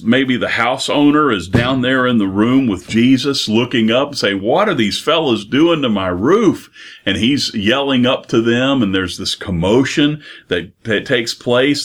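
A man preaches in an earnest, mid-pitched voice. He piles up rhetorical questions and slows down to press a point. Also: fairly bright tone. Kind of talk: sermon.

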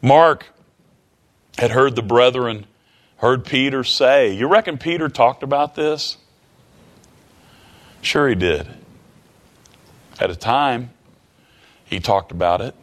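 Male preacher, folksy sermon delivery, repeats himself, average pitch. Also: lively intonation, takes it slowly, long pauses. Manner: folksy, repeats phrases, chuckles often.

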